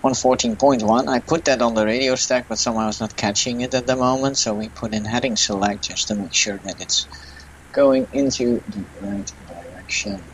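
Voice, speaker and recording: A man's voice: medium pitch, steady tone, normal speed, slight background noise, rough recording. A young man with a Dutch accent, commenting casually on a flight simulator game and thinking aloud, unsure of himself. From Netherlands. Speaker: flight sim gamer.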